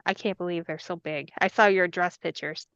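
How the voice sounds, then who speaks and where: A woman's voice: fairly low pitch, fairly even intonation, brisk, a bit bright, clear, resonant tone, no room sound. Chatty woman on a muffled lo-fi line, dry sound, lots of "like". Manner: chatty, many fillers and "like". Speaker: guest. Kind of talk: casual chat.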